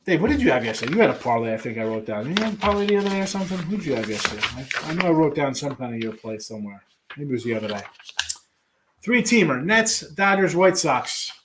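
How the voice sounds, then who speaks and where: A man with a slightly high voice talks fast, his pitch swinging widely over a noisy background. He's hosting a sports betting show, tossing off the day's picks casually with wry asides and trailing restarts as he reads a live chat.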